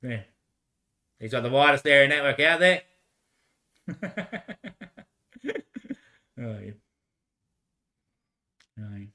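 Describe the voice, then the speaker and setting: A young man rambling in casual talk, swearing, laughing often and repeating short phrases over and over before trailing off into quiet mutters. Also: medium pitch, expressive, takes it slowly, long pauses.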